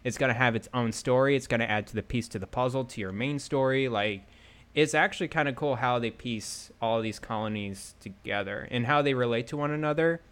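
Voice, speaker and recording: A man co-hosting a gaming podcast, chatting casually and excitably, often trailing off mid-sentence. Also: medium pitch, fairly quick, smooth. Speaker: podcast co-host.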